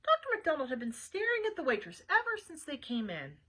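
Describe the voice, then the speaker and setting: A woman's voice: sits high, huge pitch swings, fairly quick, pushed and bright, poor audio. A woman librarian reading a children's book aloud with chatty asides to young listeners.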